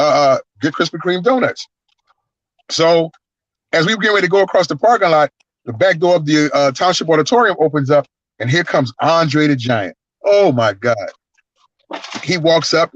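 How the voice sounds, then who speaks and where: A man, a guest wrestler, telling stories in an animated, profane way and acting out the voices. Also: on the high side, no echo. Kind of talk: casual storytelling. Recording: dull lo-fi, dry sound.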